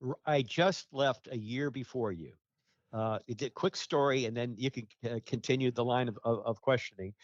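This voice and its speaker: A man recalls his years in radio in an unhurried, rambling way. He stumbles over fillers and restarts. His voice sounds muffled and dry. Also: mid-range voice, no room sound. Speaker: guest, radio ratings researcher. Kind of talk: casual interview talk.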